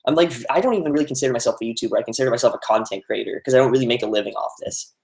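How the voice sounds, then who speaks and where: A man's voice: mid-range voice, racing. A young man chatting casually on a live stream, reading out viewer comments, with many fillers. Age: young adult. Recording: roomy echo.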